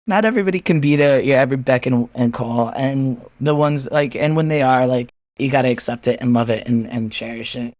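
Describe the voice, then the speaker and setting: A man's voice: medium pitch, fairly quick, few pauses, darkish tone, no echo. A man talking candidly as a podcast guest, frank and casual with swearing, acting out his friends' replies as he tells stories. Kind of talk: candid personal conversation.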